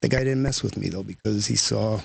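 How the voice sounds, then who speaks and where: A man with a low, gravelly voice and a husky edge tells stories in an easygoing, rambling way, his phrases strung together with "you know" and "like". He is recorded close in a dry space with no room sound around him. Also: a little fast, no room sound. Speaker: guest musician, lead singer. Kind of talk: casual conversational storytelling.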